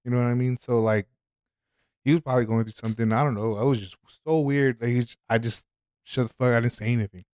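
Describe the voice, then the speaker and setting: A man from Houston chats as a podcast guest, telling a story loosely with lots of fillers, false starts and cursing. His voice sits at an ordinary middle pitch. It comes through a close studio mic with a dry, dead sound. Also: steady tone, fast talker, darkish tone, dry recording. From Houston, Texas. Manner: rambling, swears freely, lots of restarts and fillers. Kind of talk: casual storytelling chat.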